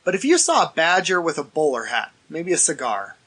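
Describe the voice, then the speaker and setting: A man's voice: a little high, wildly swooping pitch, fairly quick, a bit bright, breathy edge, rough recording. A man in casual podcast chat, joking and riffing on silly ideas. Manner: joking, riffs on absurd ideas.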